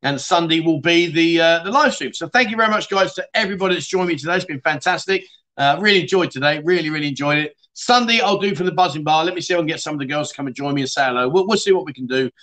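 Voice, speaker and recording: A middle-aged man from the UK hosts a relaxed livestream, working through viewer comments one after another. He talks in a chatty, blunt way, swears casually and keeps calling people mate. His voice is bright and sits slightly high for a man. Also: quick pace. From United Kingdom. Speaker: livestream host.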